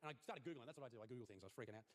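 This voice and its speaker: Brash Australian stand-up comic. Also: male voice, lively intonation, rapid-fire. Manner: crude mock-earnest delivery, voice jumping high on punchlines. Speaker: stand-up comedian. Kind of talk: stand-up comedy routine. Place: comedy stage.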